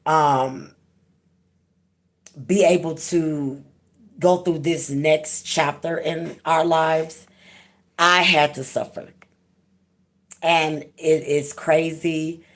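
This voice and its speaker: A woman's voice: low-pitched, fairly even intonation, extremely slow, long pauses. A woman hosting her own channel, talking frankly and emphatically in a candid personal vlog, casual and sometimes profane. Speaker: channel host.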